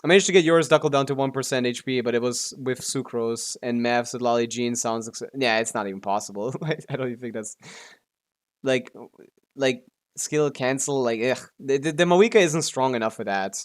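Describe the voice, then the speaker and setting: A man's voice: mid-range voice, normal speed. A male streamer chatting casually while playing and guessing, mumbling, correcting himself, and swearing now and then. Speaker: game streamer.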